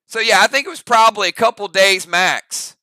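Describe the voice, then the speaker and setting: A man's voice: sits high, fairly quick, bright, forceful tone, dry recording. A man hosting a live-stream reaction show, chatting loosely with his viewers and thinking aloud with many restarts. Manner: rambling, thinks aloud with restarts, talks straight to chat.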